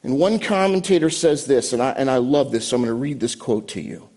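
A man preaching a sermon from a church stage, animated, with dramatic pauses and quiet emotional drops. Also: medium pitch. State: choked up. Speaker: pastor.

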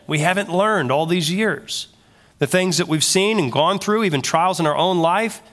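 A male pastor preaching a sermon in an animated way, full of rhetorical questions. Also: high voice.

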